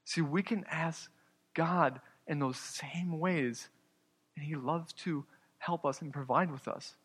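A man preaching a sermon as pastor, earnest, moving between loud emphasis and quiet, hushed asides. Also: a little high, takes it slowly, breathy edge, long reverb tail.

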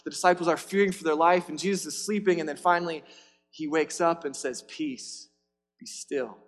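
A man's voice: fairly high pitch, steady tone, fast, faint music behind. Conversational male preacher, reverberant hall. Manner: conversational, checks in with listeners. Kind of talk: sermon, Bible reading and explanation.

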